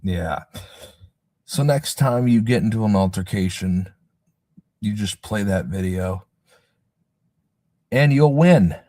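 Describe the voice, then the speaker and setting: A man's voice: sits low, a little slow, long pauses, dark tone, dry recording, clean studio sound. A man hosting a casual livestream, rambling with sarcastic asides and joking at his own expense. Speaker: livestream host.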